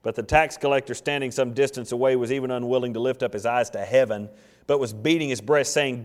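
A man's voice: medium pitch, fast, long reverb tail. A man preaching a sermon, telling stories with humor and acting out little scenes. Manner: animated, jokey storytelling with acted asides. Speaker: pastor.

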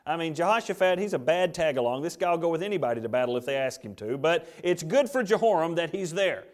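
A man's voice: fairly high pitch, lively intonation, fast talker. A man preaching a sermon, reading scripture aloud and building to emphatic, rising peaks. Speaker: pastor.

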